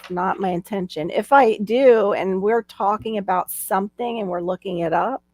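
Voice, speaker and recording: A woman's voice: medium pitch, normal speed, darkish tone, dry recording. A woman with a Northeast US accent hosting a casual live stream chat, talking freely with many restarts and frequent laughs. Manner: chatty, laughs often, trailing restarts.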